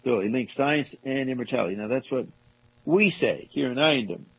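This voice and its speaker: A man reading passages from a book aloud to a small group and commenting on them, halting and rereading lines as he goes. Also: mid-range voice, expressive, breathy edge, low-quality recording. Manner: halting, restarts and rereads passages, asides to listeners. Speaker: discussion leader reading from a book.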